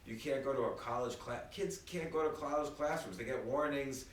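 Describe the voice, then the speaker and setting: A man's voice: medium pitch, a little fast, a little hiss or hum. A man talking as a guest in a casual conversation, telling stories with lots of restarts, recorded on a phone in an apartment room. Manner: animated storyteller, many restarts. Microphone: phone recording from across the room. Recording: echoey room, distant phone mic, faint ambience.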